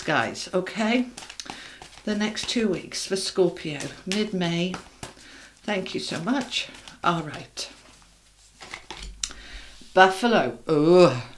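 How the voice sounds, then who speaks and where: A woman's voice: on the low side, a little hiss or hum. Chatty woman reading tarot. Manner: warm, chatty and reassuring, addresses viewers directly. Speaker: tarot reader.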